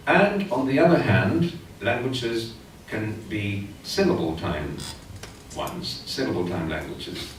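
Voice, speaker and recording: A man's voice: lowish voice, animated, takes it slowly, recorded from a distance, a little hiss or hum. Chilean man lecturing in an echoey hall. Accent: Chilean Spanish. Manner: explanatory, chatty with asides, taps out beats aloud. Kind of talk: academic conference talk.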